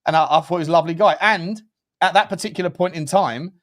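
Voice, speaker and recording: A man's voice: a little high, fast, fairly bright tone. A man co-hosting a casual football chat show, telling rambling, chatty stories. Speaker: co-host.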